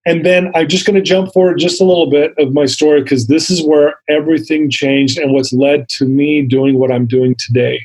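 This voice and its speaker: A man's voice: on the high side, flat delivery, normal speed, few pauses, darkish tone, poor audio. A middle-aged man telling his story in a podcast interview, earnest and candid, acting out the dialogue. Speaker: interview guest.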